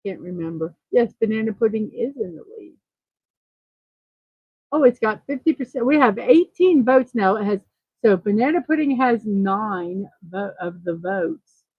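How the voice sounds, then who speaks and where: A woman's voice: medium pitch, lively intonation, a little slow, slightly rough, dry recording, dull audio. A woman hosting a casual livestream morning show, chatting, reading viewer comments aloud and fumbling a little with numbers.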